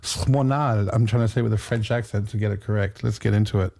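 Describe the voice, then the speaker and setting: A man's voice: on the low side, little pitch movement, racing, vocal fry, warm tone. A man hosting a livestream, chatting casually and thinking aloud with restarts. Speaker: livestream host.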